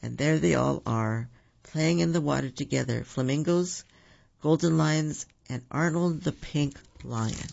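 Guy reading a kids story, gravelly husky voice, kinda dull lo-fi sound. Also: a little high, measured pace. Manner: gentle storytelling with small slips and restarts. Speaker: storybook reader. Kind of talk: children's story read aloud. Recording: dull lo-fi recording.

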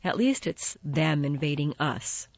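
A woman's voice: deep voice, expressive, a little slow, gravelly, no echo, dull audio, heavily acted. A woman voicing a blunt, sarcastic teenage girl in an audiobook. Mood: dry.

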